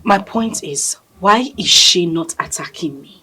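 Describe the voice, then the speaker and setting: An actress playing a wife, questioning and worried. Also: female voice, on the low side, lively intonation, unhurried, bright, forceful tone, slightly rough, heavily acted. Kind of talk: film drama acting.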